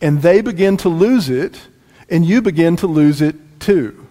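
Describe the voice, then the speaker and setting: A man preaching a sermon as pastor, telling a family story with lively shifts between loud lines and quiet asides. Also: fairly high pitch, measured pace. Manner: animated, swings from loud to hushed asides. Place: church sanctuary. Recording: long reverb in a large room.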